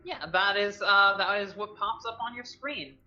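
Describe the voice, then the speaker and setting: A woman running a tabletop game as game master, narrating with many halting ums and restarts. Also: medium pitch, bright, forceful tone, lo-fi sound.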